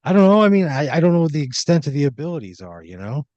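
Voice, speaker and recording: Male podcast co-host, lively pitch, skeptical, swears, dry close sound. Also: quick pace, no room sound, lo-fi sound. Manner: incredulous, swears freely. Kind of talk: casual comedy chat.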